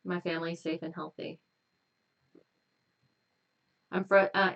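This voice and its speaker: A woman hypnotist at home, hosting a live stream and slowly leading repetitive guided tapping affirmations. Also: on the low side, flat delivery, creaky, far from the mic. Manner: slow, repetitive, gently affirming.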